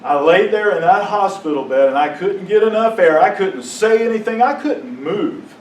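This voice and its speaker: A man giving a personal testimony to a congregation, telling his story with emotion, sometimes dropping to a hushed, halting voice and sometimes rising to impassioned outbursts. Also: sits high, expressive, slight background noise. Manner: drops to a hushed, halting voice at painful moments. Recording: echoey room, mic at a distance.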